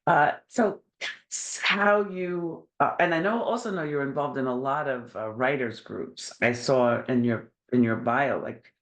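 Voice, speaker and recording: A woman's voice: a bass voice, measured pace. A woman with a New York accent hosting a podcast, chatty and enthusiastic, laughing often. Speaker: podcast host. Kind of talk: casual interview chat.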